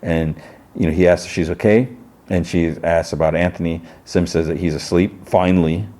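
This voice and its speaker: A man's voice: low-pitched, steady tone, normal speed, warm tone. A man hosting a podcast, recapping a TV episode in a rambling, casual way, full of fillers and quoted dialogue. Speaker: podcast host.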